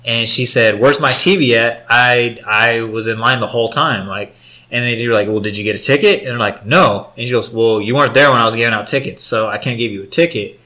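A man's voice: medium pitch, fairly quick, pushed and bright. A young man telling a rambling, profane story in casual chat, full of filler words.

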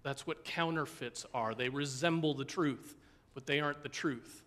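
Earnest pastor teaching a Bible class. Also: male voice, fairly high pitch, moderate pace, a bit bright. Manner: earnest, asks "right?" and "okay?" often; ends in a spoken prayer. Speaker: pastor teaching Sunday school.

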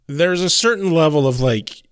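A man's voice: fairly high pitch, moderate pace, smooth, no echo. Joking male co-host, dry close sound. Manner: joking, swears casually, trails off with fillers. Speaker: podcast co-host. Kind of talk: casual episode recap chat.

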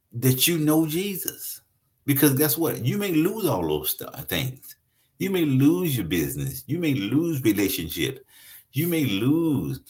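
A man preaching a sermon in a conversational way, reading scripture aloud and explaining it to his congregation. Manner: conversational preaching with lively swings in pitch. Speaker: pastor.

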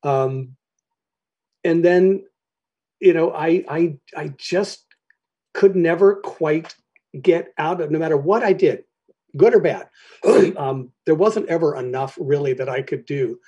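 A middle-aged man telling his personal recovery story to a meeting, halting and candid, often clearing his throat between phrases. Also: on the high side, mellow, muffled recording.

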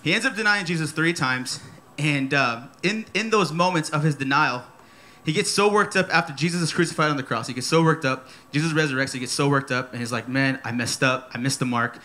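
High, bright-voiced young preacher. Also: male voice, a little fast. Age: 30s. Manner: energetic, playful, repeats key phrases. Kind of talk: sermon. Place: church service.

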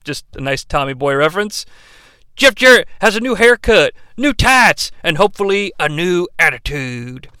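Snarky guy recapping wrestling, swears a lot, high clear voice, dry sound. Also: bright, forceful tone, dry recording. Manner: sarcastic, profane. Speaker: podcast host.

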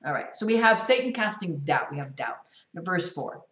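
A woman teaching a Bible study, reading verses aloud and acting out lines with lively, expressive delivery. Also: on the low side, normal speed, slight background noise. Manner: animated, acts out voices while reading scripture. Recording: echoey room, voice from a distance.

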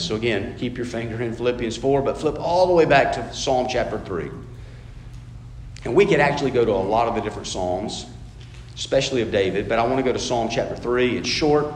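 Man preaching a conversational sermon in an echoey room. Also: mid-range voice. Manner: conversational preaching, acts out quoted voices. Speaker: pastor. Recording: echoey room with faint noise.

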